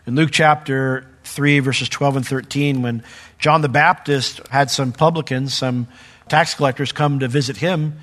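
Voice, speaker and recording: A middle-aged male pastor preaching a sermon, animated when retelling a story and hushed when sharing his own testimony. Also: medium pitch, measured pace. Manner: animated storyteller, voice jumps up when acting out the crowd; drops to a soft, hushed tone for personal testimony.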